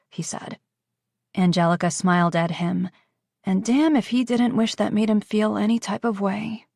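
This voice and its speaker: A woman narrating a romance audiobook in a calm, even reading. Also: medium pitch, normal speed, gravelly, no room sound, studio quality. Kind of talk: scripted narration.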